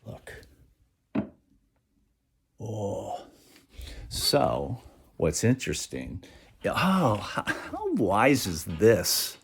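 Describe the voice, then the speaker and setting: A man with a low, husky voice rambles through a spiritual monologue. His pitch swings widely as he acts out quoted voices. Sometimes he sinks to a whisper. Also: wildly swooping pitch, drawn-out words, pauses often, a bit bright.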